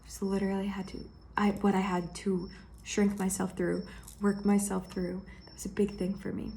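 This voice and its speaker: A woman speaks gently and intimately in a personal vlog, addressing the viewer with affection. Her voice is mellow and slightly gravelly, with faint room noise underneath. She often sinks into a soft, breathy whisper. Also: mid-range voice, little pitch movement, normal speed. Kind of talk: heartfelt personal vlog share.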